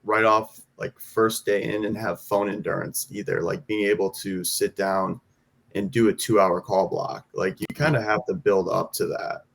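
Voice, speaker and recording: A man with a fairly low voice answers questions on a podcast. He talks in a relaxed, easygoing way and pauses often with fillers. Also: vocal fry. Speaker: podcast guest. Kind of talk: casual interview chat.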